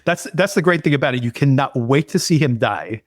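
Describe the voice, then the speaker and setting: A man's voice: mid-range voice, animated, brisk. A man co-hosting a podcast, enthusiastically reviewing a film in casual chat, rambling with lots of fillers. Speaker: podcast co-host.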